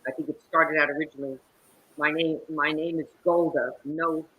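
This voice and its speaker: Animated, husky-voiced woman telling stories. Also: sits low, normal speed, low-quality recording. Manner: animated, theatrical storytelling. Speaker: guest actress. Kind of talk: interview conversation. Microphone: video call.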